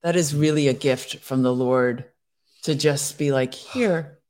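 A woman's voice: a bass voice, steady tone, measured pace, a little mellow. A woman co-hosting a faith devotional, speaking in an earnest, encouraging and affirming way. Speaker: devotional co-host. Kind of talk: casual faith chat.

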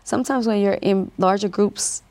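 A woman's voice: medium pitch, steady tone, moderate pace, darkish tone. A woman, a nurse practitioner and clinic owner, answering interview questions with fluent storytelling.

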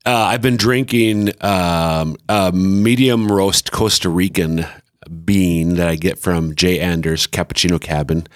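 A man's voice: deep voice, takes it slowly, no echo, studio quality. A middle-aged man from central Minnesota, a guest on a podcast, talking in a casual, joking, self-deprecating way. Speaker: podcast guest, church ministry director.

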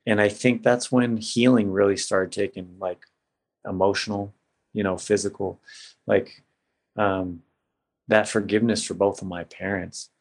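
Unhurried and steady, his lowish voice carries a heartfelt personal story as a guest on a podcast. The middle-aged man keeps things casual and emotional, leaning on "man" and "bro" again and again.

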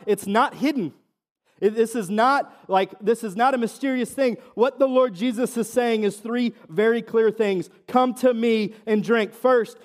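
A high-voiced man preaches a sermon with earnest drive, stumbling into restarts and filler words as he builds each point. On quoted scripture he slows and sinks to a soft, low murmur. His voice rings with the long reverb of a church hall. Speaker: pastor.

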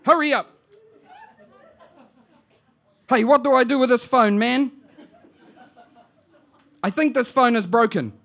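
A man voicing a boisterous elderly aunt, loud and teasing, in a comic spoken-word poem. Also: sits high, pitched above the performer's own voice, full character voice. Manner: loud, laughing, mixes in Māori words.

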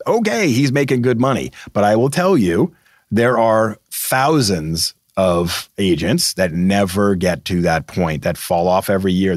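Low-voiced man hosting a career podcast. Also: dry recording, studio quality. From Massachusetts. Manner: emphatic, direct, asks rhetorical questions. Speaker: podcast host. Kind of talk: career advice podcast talk.

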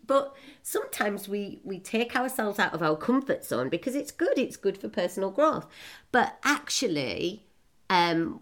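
A woman in her forties giving a chatty, self-mocking personal talk to her audience, laughing often and breaking into quick asides. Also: on the low side. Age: 40s. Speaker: motivational speaker.

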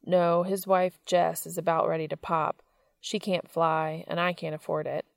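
A woman's voice: on the low side, little pitch movement, moderate pace, gravelly, dry recording, clean studio sound. A woman reading the lines of a bantering, self-deprecating adult man in a story, in her own voice. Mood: rueful. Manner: bantering, sarcastic.

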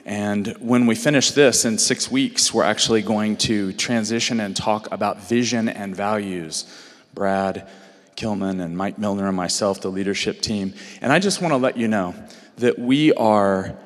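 A hoarse man, a pastor, making friendly, chatty announcements to his congregation before the sermon. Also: on the low side, moderate pace, in a large hall. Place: church sanctuary.

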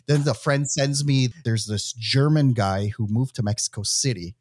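A man's voice: mid-range voice, normal speed, no echo, studio quality. Chatty Midwestern man hosting a podcast. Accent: Midwestern American. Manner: chatty, many "you know" fillers. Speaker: podcast host.

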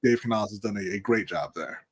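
A man's voice: fairly low pitch, fast, breathy edge. A man co-hosting a casual sports talk show, rambling with lots of fillers and restarts. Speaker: podcast co-host.

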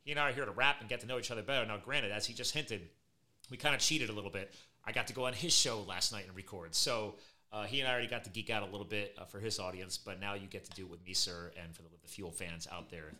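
A middle-aged podcast host with a fairly low voice talks fast, chatting casually and telling stories. He's energetic and animated, laughing along the way.

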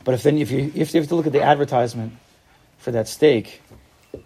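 A man teaching a casual Torah class, animated, acting out little dialogues and asking rhetorical questions. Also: mid-range voice, fast, husky.

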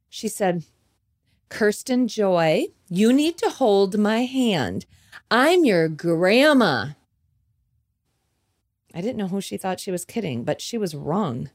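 A woman's voice: fairly low pitch, darkish tone. A woman hosting a podcast, telling a personal story and then preaching with a building, repeating cadence. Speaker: podcast host. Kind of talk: devotional storytelling talk.

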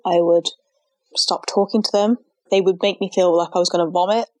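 A woman's voice: fairly low pitch, darkish tone, no room sound. A young woman, telling her personal story in an interview in an earnest, heartfelt way, with many "like" fillers. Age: young adult. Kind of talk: emotional personal account.

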